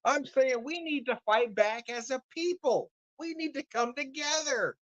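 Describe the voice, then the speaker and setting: A man's voice: very high-pitched, measured pace, a bit bright, no room sound, lo-fi sound. A man ranting casually to camera as a whiskey vlogger, swearing freely and breaking into laughs. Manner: profane, laughing ranter.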